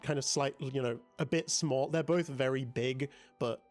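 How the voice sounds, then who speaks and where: A man running a tabletop game as game master, narrating casually with many fillers, with soft music behind. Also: medium pitch, normal speed.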